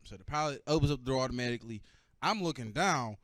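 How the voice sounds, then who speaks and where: Young male stand-up comic, fairly high voice, profane, teasing the crowd, dry and close. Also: fast talker, no room sound. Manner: animated, profane, bantering with the crowd. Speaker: stand-up comedian. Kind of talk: stand-up comedy.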